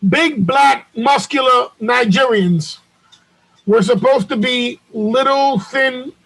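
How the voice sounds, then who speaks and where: A man hosting a show over a video call, telling a story in a loud, profane, animated way. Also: very high-pitched, takes it slowly, creaky, low-quality recording. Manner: loud, profane, animated retelling with acted quotes. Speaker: podcast host.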